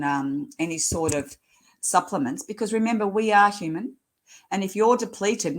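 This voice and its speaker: A woman in her sixties, a nurse educator speaking as an interview guest in a blunt, earthy way, often laughing as she tells stories. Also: fairly low pitch. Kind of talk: casual interview chat.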